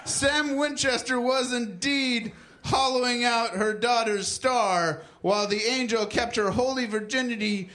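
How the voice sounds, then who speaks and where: A man's voice: very high voice, steady tone, measured pace, hardly any pauses, pushed and bright. A man reading comic fan fiction aloud to a comedy club crowd with mock drama.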